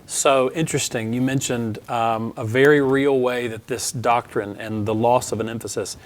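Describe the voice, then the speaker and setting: A man's voice: mid-range voice, fairly even intonation, moderate pace. A man hosting an interview, framing and summarizing questions about theology for his guest. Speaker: interview host.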